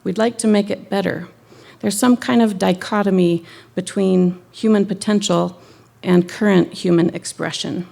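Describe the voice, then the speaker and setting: A woman minister giving a sermon in a conversational, gently wry way. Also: medium pitch, fairly even intonation, moderate pace, creaky.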